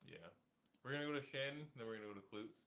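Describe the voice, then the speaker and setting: A man's voice: mid-range voice, very fast, fairly bright tone. Rambling, emphatic man hosting a debate. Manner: rambling, emphatic, swears, mocks others in put-on quotes. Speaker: debate host. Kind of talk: heated casual debate talk.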